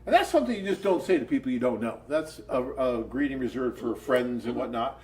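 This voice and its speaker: An American man co-hosting a live dating-agency Q&A, telling stories in an animated, chatty way. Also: mid-range voice, brisk, a little hiss or hum, rough recording. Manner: animated storyteller, chatty and upbeat. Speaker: co-host of a dating agency webcast. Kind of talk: casual live Q&A chat.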